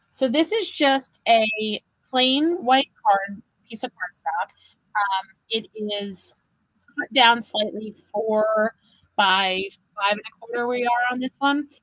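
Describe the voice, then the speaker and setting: A woman hosting a live card-making demo, chatting with viewers and talking them through each step as an animated storyteller. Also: on the high side, no room sound, poor audio. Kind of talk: live crafting demo chat.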